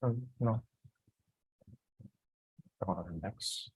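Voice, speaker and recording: Drowsy low-voiced man doing market commentary. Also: a little mellow, husky, no room sound, poor audio. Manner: halting, apologetic, thinking aloud. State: just woke from a nap, morning voice. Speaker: trading streamer.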